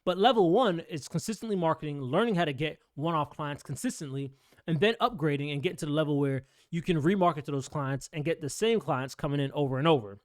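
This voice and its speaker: A man's voice: a little high, animated, fast, no echo, clean studio sound. A man coaching notaries in a blunt, ranting, motivational talk full of street slang.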